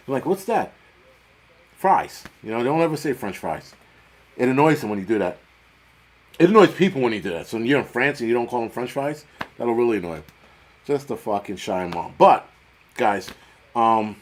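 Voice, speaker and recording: A middle-aged man hosting a casual livestream, chatting with viewers in a rambling, profane, joking way. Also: medium pitch. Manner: profane, rambling, jokey, quick swings in loudness. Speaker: livestream host. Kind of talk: casual livestream chat reading viewer comments.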